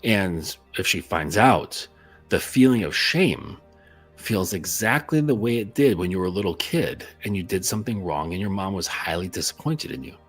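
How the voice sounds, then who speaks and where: A man with a low, husky voice talks through a coaching story in a loose, blunt way, filling his sentences with "like" and "you know". Faint music plays underneath him. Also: animated, normal speed, a bit bright. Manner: blunt, conversational, many fillers. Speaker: dating coach. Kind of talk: casual monologue.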